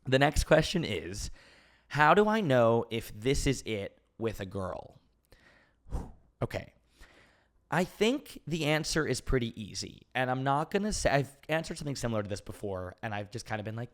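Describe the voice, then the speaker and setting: On a podcast mic, a twenty-something man hosts a casual Q&A, very animated at a normal speed with a medium-pitched voice. He rambles with frequent fillers and restarts, laughs easily, and is open and emotional.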